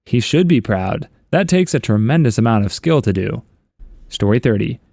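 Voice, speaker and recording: A man's voice: mid-range voice, lively intonation, moderate pace, creaky, a little mellow, dry recording. A man reading internet stories aloud, chuckling and adding wry asides on a close voice-over mic. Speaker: story narrator.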